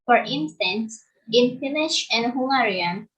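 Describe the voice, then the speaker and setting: A woman student with an Indonesian accent reading a class presentation, careful and halting with restarts. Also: on the high side, lively intonation, a bit bright, poor audio.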